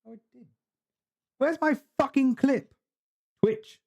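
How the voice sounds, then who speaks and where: A man's voice: very high voice, takes it slowly, darkish tone. A man live-streaming a video game, chatting casually with viewers, swearing often and teasing in mock-grumpy banter. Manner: greets and chats with viewers while playing.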